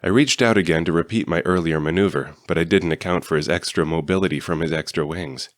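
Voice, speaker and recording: A man reading a fan-written novel aloud in steady first-person narration. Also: sits low, fast talker, no echo, clean studio sound. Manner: steady storytelling. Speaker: audiobook reader.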